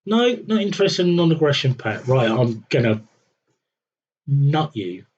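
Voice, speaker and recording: A man's voice: medium pitch, very animated, unhurried, a little mellow, dull audio, a little hiss or hum. A young man streaming a strategy game, thinking aloud with wry, muttered commentary. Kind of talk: casual live gameplay commentary.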